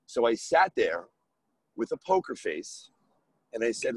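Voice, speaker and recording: A man's voice: mid-range voice, a little slow, breathy edge, dry recording, low-quality recording. A man from New York, a real estate investor, telling a deal story as a podcast guest and acting out the dialogue. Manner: animated, acts out dialogue in his story.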